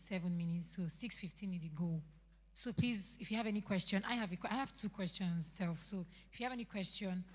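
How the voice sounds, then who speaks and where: A woman's voice: mid-range voice, a little hiss or hum. A young woman with a Nigerian English accent, chatty and rambling as she asks a question at a church youth meeting in a large church hall. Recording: long hall reverb.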